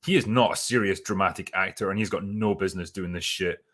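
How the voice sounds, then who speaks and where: A man's voice: sits low, quick pace, a bit bright. A man hosting a casual spoken review, sardonic and profane, with plenty of ums and uhs. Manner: sardonic and profane, with many fillers. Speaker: host reviewing a TV series.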